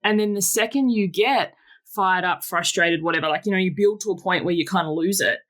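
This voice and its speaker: A woman in her thirties, a podcast guest, telling a personal story frankly and directly, with quick asides. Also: fairly low pitch, fairly bright tone.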